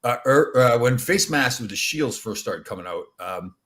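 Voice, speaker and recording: A man's voice: mid-range voice, animated, normal speed, fairly bright tone. A man in his sixties, a former hockey player hosting a show, telling old stories in a rambling, casual way and laughing through them. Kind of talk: casual storytelling chat.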